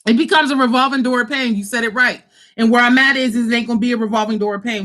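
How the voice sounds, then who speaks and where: A woman's voice: a little high, fast talker, fairly bright tone. A woman in her thirties, a social worker, talking about her own trauma in a raw, emphatic, profane way. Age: 30s. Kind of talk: impassioned personal talk.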